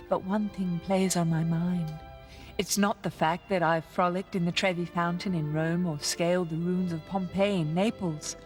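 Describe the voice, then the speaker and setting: A woman as a young letter-writer who speaks with a dainty, refined English accent. Her delivery is prim and genteel, at a mid pitch, with faint music under it. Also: a little mellow, close to an everyday voice. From Australia. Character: young Australian woman writing home, stuck with a dainty English voice. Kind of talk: sketch comedy monologue.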